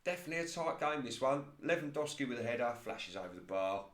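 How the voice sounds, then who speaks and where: A man talks through a football management game in casual play-by-play, rising quickly at chances and laughing at his own slips. His voice sits in the middle range. The room gives his voice a noticeable echo. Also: mid-range voice, expressive, a bit bright. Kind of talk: casual solo game commentary.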